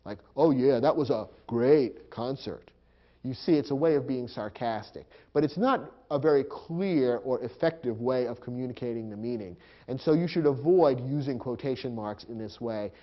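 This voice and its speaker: A man teaching a grammar lesson, explaining punctuation clearly and patiently. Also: mid-range voice, expressive, moderate pace, hardly any pauses, highs cut off.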